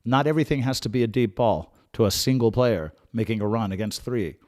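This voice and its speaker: A man hosting a live football watch-along in a mid-range voice. He talks through the match in a chatty, analytical way, repeating and restarting phrases as he thinks aloud. At big moments he breaks into loud, excited shouting. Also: mid-range voice, fairly quick. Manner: calm tactical analysis with sudden excited outbursts. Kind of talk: live fan match commentary.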